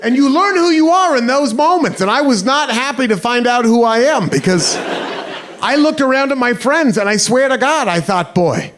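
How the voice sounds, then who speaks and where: A man's voice: very high-pitched, animated, moderate pace, a bit bright. A man doing stand-up comedy, telling a self-mocking story on a club stage. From United States.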